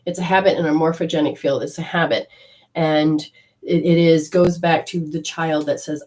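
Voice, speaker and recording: A woman's voice: deep voice, steady tone, normal speed, darkish tone, rough recording. A woman giving an intuitive card reading to a caller. She rambles and restarts often, and affectionately calls her listener honey. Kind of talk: spiritual reading and coaching.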